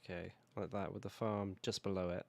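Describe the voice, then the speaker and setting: A British man with a hoarse voice from a cold, casually chatting while he builds in a city-building game. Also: sits low, fairly quick. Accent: British English. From Britain. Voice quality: relaxed, rambling, self-correcting. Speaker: video game streamer. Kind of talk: casual gameplay commentary.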